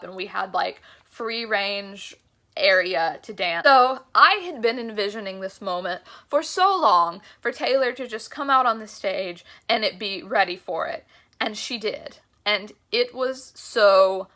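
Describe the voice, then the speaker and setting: A woman's voice: mid-range voice, vocal fry, pushed and bright. A young woman vlogger telling a concert story in a chatty, gushing way, full of "like" fillers. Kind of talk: casual storytelling vlog.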